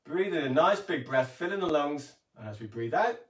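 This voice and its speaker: A man gently guiding a yoga and breathing session and reading a story aloud. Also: a little high, normal speed. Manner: calm, gentle instructions with soft hums. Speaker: yoga teacher. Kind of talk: guided kids' yoga and storytelling. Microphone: camera mic at a distance. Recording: roomy, distant camera mic.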